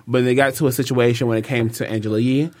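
A man's voice: medium pitch, fairly even intonation, quick pace. A man co-hosting a pop culture podcast, retelling celebrity gossip in a loose, profane, laughing way. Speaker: podcast co-host. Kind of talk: casual pop culture chat.

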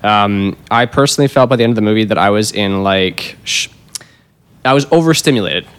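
A man co-hosting a podcast, giving a measured, thoughtful critique in a casual panel discussion. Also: lowish voice, lively intonation, clean tone.

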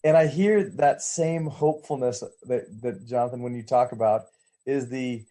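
A man's voice: mid-range voice, moderate pace, warm tone. A man on a church teaching team reflecting aloud on a video call, often searching for his words. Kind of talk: casual discussion on a video call.

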